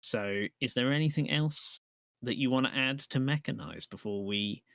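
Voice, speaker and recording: A man's voice: mid-range voice, moderate pace, creaky, a bit bright, dry recording. A man co-hosting a podcast in casual chat about tabletop games, explaining thoughtfully with restarts. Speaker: podcast co-host.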